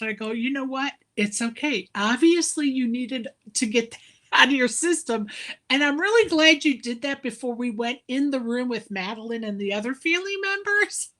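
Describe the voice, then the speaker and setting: A woman's voice: high voice, lively intonation, moderate pace, fairly bright tone. A woman telling a story in casual chat, laughing often as she talks. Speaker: live stream co-host.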